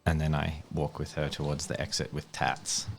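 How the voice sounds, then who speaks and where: A man playing a tabletop role-playing game, speaking deliberately in character. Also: rumbling low, flat delivery, gravelly, soft background music. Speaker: player.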